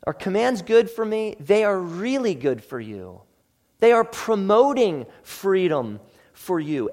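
A man's voice: high-pitched, in a large hall. A man preaching a sermon in an earnest, emphatic, explanatory way. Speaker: pastor.

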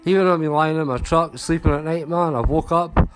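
A man's voice: a little high, fairly quick. A man with a Scottish accent, a regular caller telling a crude, drawling story and tagging his phrases with "man". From Scotland. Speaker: recurring caller. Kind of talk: rambling voicemail story.

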